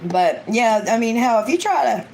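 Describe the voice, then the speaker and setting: Gravelly-voiced woman chatting casually. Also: fairly high pitch, big pitch swings, normal speed, noisy background. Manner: rambling, chatty, acts out quotes. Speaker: ASMR vlogger. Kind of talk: casual live-stream chat.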